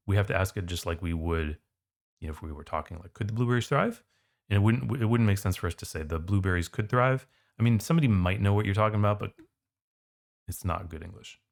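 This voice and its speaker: A man tutoring for the SAT, walking through test questions in a casual, conversational way. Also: low voice. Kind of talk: test prep walkthrough.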